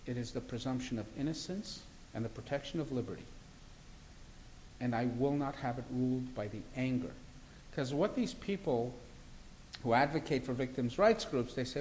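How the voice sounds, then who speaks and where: A man's voice: mid-range voice, moderate pace, a little mellow, a little hiss or hum, rough recording. A man, a criminal defence lawyer, talking in an interview in an assertive, argumentative and emphatic way. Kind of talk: interview conversation.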